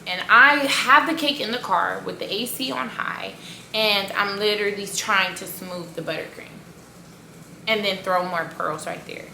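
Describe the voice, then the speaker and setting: Animated gravelly woman telling a storytime. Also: medium pitch, slight background noise. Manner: animated, filler-heavy retelling with sound effects. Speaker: cake business owner. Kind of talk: casual storytime vlog. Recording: echoey room.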